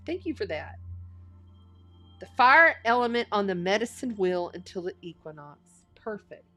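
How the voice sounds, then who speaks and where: A woman doing a live tarot reading in a casual, earnest way, offering spiritual encouragement and slowly reading card meanings aloud. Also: a little high, fairly bright tone. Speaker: astrology and tarot reader.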